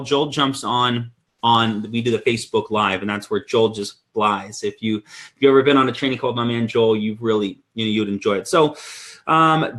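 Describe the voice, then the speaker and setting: A man in his thirties hosting a weekly sales training call, telling a story in an energetic, animated way with many restarts. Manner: energetic storyteller, lively swings in pitch. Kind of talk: casual live-stream talk.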